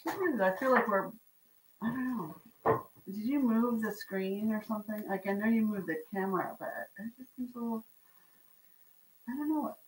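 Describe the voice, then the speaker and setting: A woman's voice: fairly high pitch, moderate pace, long pauses, reverberant, slight background noise. A woman co-hosting a live auction stream, trading teasing banter and greeting viewers with frequent laughs. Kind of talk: casual live-stream chat. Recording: voice heard from a distance.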